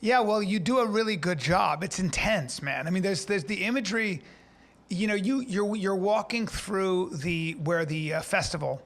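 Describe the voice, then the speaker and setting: A man hosting a podcast, talking in an animated way and tagging lines with "okay?" and "all right?". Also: high-pitched, normal speed. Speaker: podcast host. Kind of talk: energetic ad read, then casual interview. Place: parked car.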